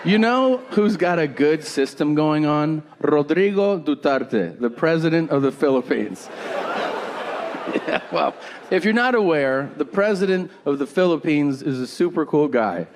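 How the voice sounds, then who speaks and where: A man's voice: a little high, lively intonation, measured pace, big-room sound, noisy background. A man performing a stand-up comedy set with sarcastic, mock-boastful, profane punchlines.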